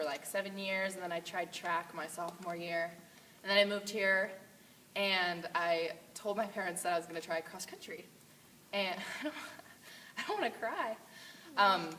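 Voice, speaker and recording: A teenage girl, a high school runner, answering interview questions casually with rambling, giggly talk. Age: late teens. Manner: rambling, giggly, many fillers. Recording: distant mic, faint hiss.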